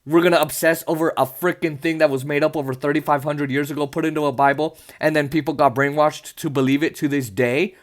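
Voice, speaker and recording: A man's voice: fairly high pitch, fairly even intonation, fast talker, few pauses. A young man hosting a podcast, ranting in an exasperated, sarcastic way and swearing often. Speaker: podcast host. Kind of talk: ranting political commentary.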